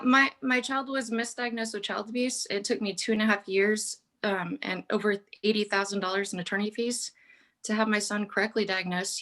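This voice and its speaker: A woman from Texas speaks earnestly into a remote call, pleading her case with halting fillers. Her voice sits at a middling pitch, and the call audio makes her sound a little far from the mic. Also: a bit bright. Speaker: public commenter. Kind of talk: public testimony over a call.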